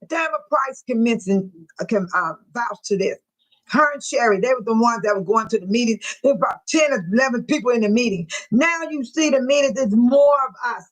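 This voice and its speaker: A woman's voice: fairly high pitch, poor audio. Woman chatting live to viewers. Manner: emotional, talks to viewers by name. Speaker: livestream host. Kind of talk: casual livestream talk to viewers.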